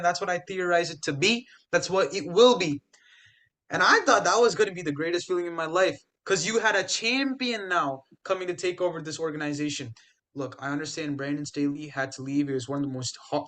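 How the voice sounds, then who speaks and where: A young man co-hosting a podcast, talking sports in an animated, emphatic, trash-talking way. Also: on the high side. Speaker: podcast co-host. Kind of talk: casual sports chat.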